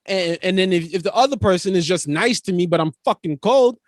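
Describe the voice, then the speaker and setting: A man from New York talks on a podcast in a blunt, emphatic way, swearing freely as he makes his point. His voice sits quite high for a man. The sound is close and dry. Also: lively intonation, a little fast, no echo. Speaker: podcast co-host. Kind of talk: casual chat.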